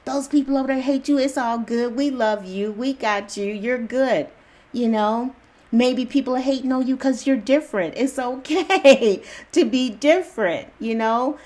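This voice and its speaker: A woman's voice: a little high, a little slow, a little mellow. Woman host, casual spiritual pep talk to camera; reassuring, repetitive, slangy, chuckles often.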